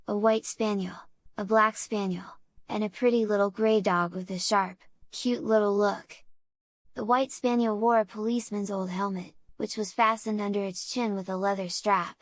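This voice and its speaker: A woman narrating a classic children's novel in a steady, measured reading voice. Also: medium pitch, dry recording. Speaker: audiobook reader. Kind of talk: storybook narration.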